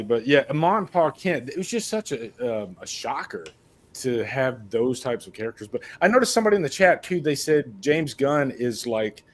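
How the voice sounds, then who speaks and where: A man from Mississippi talks through a film in a relaxed panel chat, his voice sitting at an ordinary middle pitch. He rambles, stumbles over repeated words and keeps an earnest tone. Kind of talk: casual movie discussion.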